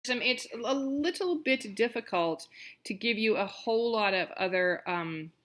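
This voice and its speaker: A woman giving a recorded college history lecture, talking conversationally with lots of fillers, restarts and animated emphasis. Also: a little high, measured pace.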